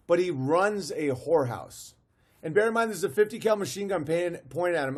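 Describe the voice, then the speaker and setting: Amused man doing live-stream commentary. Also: fairly high pitch. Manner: amused, incredulous, restarts and laughs.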